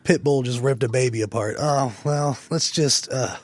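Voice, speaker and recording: A man's voice: mid-range voice, normal speed, no room sound. A man, a comedian co-hosting, joking and laughing through casual banter. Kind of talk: casual chat.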